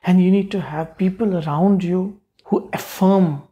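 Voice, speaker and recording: A man, an entrepreneur guest, telling his story in an interview in an earnest, halting way with restarts. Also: sits high, mellow, highs cut off.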